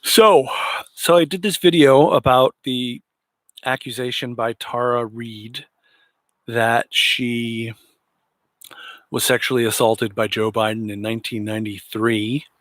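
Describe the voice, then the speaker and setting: A man hosts a late-night political commentary livestream, his tone indignant and sarcastic. His voice sits at a middle pitch. It is recorded close and dry, with no room sound. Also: level tone, unhurried, fairly bright tone, no room sound. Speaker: livestream host.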